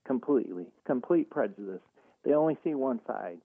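A man calling in to a talk radio show, speaking in an earnest, animated way. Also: mid-range voice, normal speed, vocal fry, dry recording. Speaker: caller. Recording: tinny phone line.

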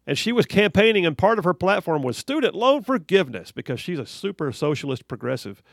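A male talk radio host with a gravelly, slightly raised voice, pressing his point with rhetorical questions and stumbling restarts. His studio mic sounds close and dry. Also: on the high side, dry recording. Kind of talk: opinionated talk radio monologue. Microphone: studio microphone.

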